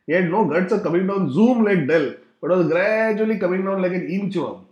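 A man's voice: sits high, a little fast, a little mellow, echoey room, lo-fi sound, soft background music. A man narrating a humorous travel story, acting out sound effects. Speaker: travel vlogger.

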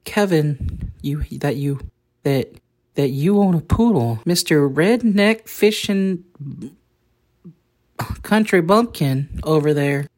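A stiff, awkward podcast host, as a woman puts him on, with a very low voice. He stumbles through halting sentences full of fillers and restarts and sounds stiffly apologetic in an improvised comedy sketch. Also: animated, darkish tone. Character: awkward, hesitant podcast host, a young man.

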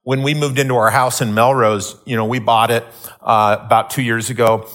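A middle-aged man, a pastor, giving a sermon with animated, humorous personal stories. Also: mid-range voice, normal speed. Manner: animated storytelling, rising into excited exclamations.

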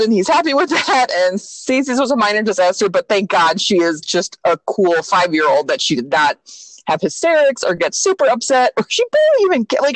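Lively chatty mom telling a story. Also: female voice, medium pitch, no room sound, low-quality recording. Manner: animated storytelling, acts out voices in quotes, laughs often, swears. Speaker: mother of two young kids. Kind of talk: casual chat between friends.

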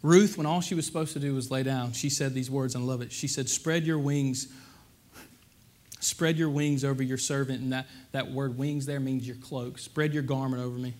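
A man preaching a sermon, animated and conversational, asking the congregation rhetorical questions. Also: medium pitch, a little fast, hardly any pauses. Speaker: pastor.

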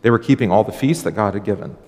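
A man preaching as a pastor in a relaxed, conversational sermon, acting out little dialogues and often restarting his sentences. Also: lowish voice, quick pace. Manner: conversational, acts out dialogue, frequent fillers and restarts. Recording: long hall reverb.

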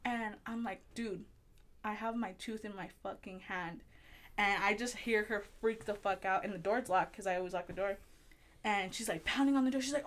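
A young woman telling a personal story in casual chat, animated, swearing a lot and acting out the voices she quotes. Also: mid-range voice. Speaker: guest storyteller.

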